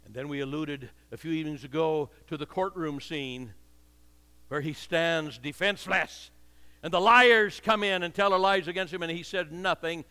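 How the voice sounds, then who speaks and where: Older preacher with a bright, high voice. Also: male voice, moderate pace, clear, resonant tone. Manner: impassioned, repetitive preaching cadence. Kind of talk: sermon. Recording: long hall reverb.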